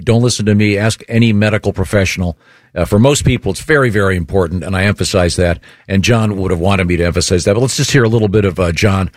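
A man's voice: lowish voice, no echo, studio quality. A male talk show host chatting casually, rambling and laughing often.

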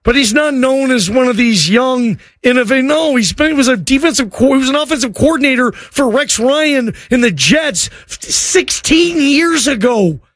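A man's voice: extremely high pitch, lively intonation, normal speed, hardly any pauses, fairly bright tone, dry recording, clean studio sound. A man hosting a sports talk show, arguing emphatically and often repeating words. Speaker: sports radio host. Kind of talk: sports talk radio rant.

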